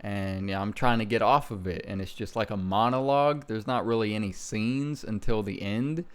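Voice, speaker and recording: A man's voice: lowish voice, moderate pace, clear, resonant tone. A young adult man hosting a casual commentary video, mocking himself with jokes as he looks back. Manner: self-mocking, joking, laughs at himself. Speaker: YouTuber host.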